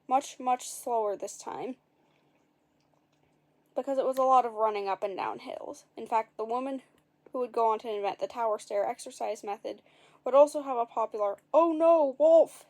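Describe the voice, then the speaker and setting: A woman's voice: on the high side, a little mellow. A woman reading a children's story aloud, with playful asides to the listeners.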